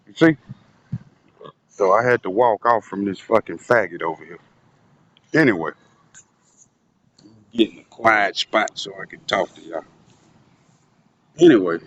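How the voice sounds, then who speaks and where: A man giving a profane, conspiratorial monologue to his viewers, recorded on a handheld phone in a public spot. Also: fairly low pitch. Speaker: vlogger. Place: public spot, moved somewhere quieter. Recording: dull lo-fi phone audio with faint noise.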